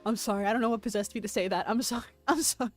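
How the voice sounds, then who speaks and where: A woman streaming a history presentation live, excitable and self-deprecating, laughing often and reading chat aloud. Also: on the high side, very fast. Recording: faint music behind voice.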